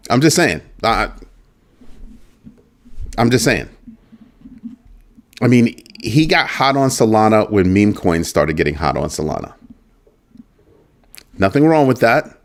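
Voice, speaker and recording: A man with a fairly low voice runs a relaxed livestream and chats loosely through the news. He teases his viewers playfully and drops a wry "just saying" again and again. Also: unhurried, pauses often. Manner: joking banter with chat, repeats "just saying". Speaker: host of a crypto news livestream. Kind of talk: casual livestream commentary.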